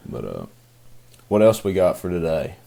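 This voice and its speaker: A man's voice: deep voice, huge pitch swings, normal speed, vocal fry, mellow. A young man co-hosting a podcast, talking casually in a rambling way with many fillers and restarts. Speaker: podcast co-host. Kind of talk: casual chat.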